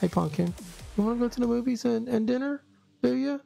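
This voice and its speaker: Man voicing a sweet-talking mocking woman, high falsetto, gravelly edge. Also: fairly quick, warm tone, soft background music, full character voice. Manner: cooing, teasing falsetto.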